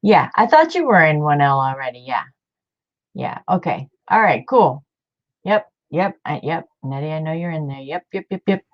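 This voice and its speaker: A woman's voice: sits low, sing-song, moderate pace, highs cut off. A woman hosting a craft video, talking casually to her viewers in a chatty, rambling way with many fillers and restarts. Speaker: craft channel host.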